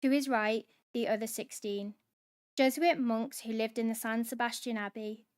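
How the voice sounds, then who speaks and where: A woman hosting a book club, reading a novel aloud in steady dramatic narration. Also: a little high, normal speed, smooth.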